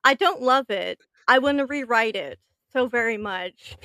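A woman's voice: fairly high pitch, unhurried, pushed and bright, no echo. A woman from Louisiana, a guest on a podcast, thoughtful and conversational in casual chat.

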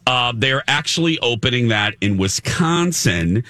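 A man's voice: medium pitch, animated, unhurried, pushed and bright, no echo, clean studio sound. A man co-hosting a morning radio show, chatting casually with many fillers and self-mocking restarts. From Indiana. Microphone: studio microphone.

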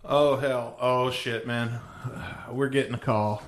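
A man's voice: mid-range voice, steady tone, slow pace, slight background noise. Male co-host, casual profane banter, recorded in an echoey room. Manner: profane, joking. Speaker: podcast co-host. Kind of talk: casual chat.

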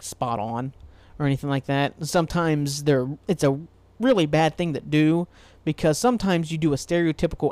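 A man from Ohio rambles through his solo podcast, cursing casually and chuckling at his own tangents. His voice sits slightly higher than most men's. The sound is dry and close, with no room echo. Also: a little mellow. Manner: rambling, swears freely, laughs at himself. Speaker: podcast host.

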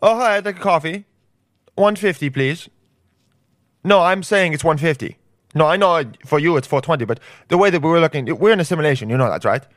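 A man's voice: on the high side, lively intonation, brisk, dry recording, studio quality, pitched above the performer's own voice, lightly acted. A man doing an impression of a know-it-all male tech billionaire who over-explains simple things and slips between accents. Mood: smug. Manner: lecturing, drifts into other accents. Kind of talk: comedic impression.

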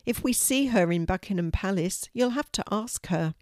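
A woman voicing an older grandmother in a storybook reading, calm and explanatory. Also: mid-range voice, moderate pace, no echo, clean studio sound, natural voice. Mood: patient. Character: warm, knowledgeable older grandmother.

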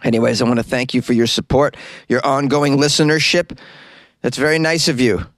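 A man's voice: mid-range voice, fairly even intonation, fairly quick, dry recording. A man hosting a comedy news podcast from a small closet studio, reading odd stories and chatting in a loose, rambling, jokey way. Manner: jokey, rambling, puts on silly voices for quotes. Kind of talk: comic news reading and casual chat.

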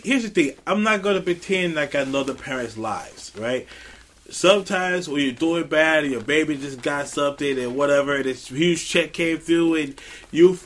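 A man's voice: a little high, a bit bright. A man on a podcast speaking casually, thinking aloud and checking in with his listeners. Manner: laid-back, thinking aloud, frequent "right?" tags. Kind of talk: casual conversational commentary.

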